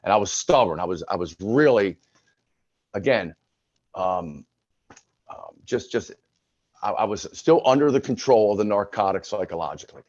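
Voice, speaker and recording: A man in his sixties speaks frankly and conversationally as a podcast guest, retelling his past with plenty of restarts. His voice sits at an ordinary pitch. The recording is dry and a little dull and lo-fi. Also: expressive, normal speed, long pauses, a little mellow, no room sound. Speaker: podcast guest, retired sports broadcaster. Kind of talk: candid personal storytelling.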